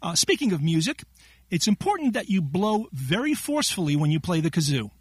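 A lively man hosting a jokey word quiz, with a high, bouncing voice that swoops up and down. His tone is slightly husky and close and dry, and he laughs often between the clues. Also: fairly quick, no echo. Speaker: quiz segment contributor.

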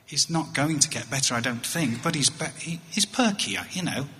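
English comic guy, bright voice, halts and repeats himself, big echoey hall. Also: on the high side, lively intonation, gravelly. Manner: halting, wry, repeats words. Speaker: touring comedian. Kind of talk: storytelling stand-up.

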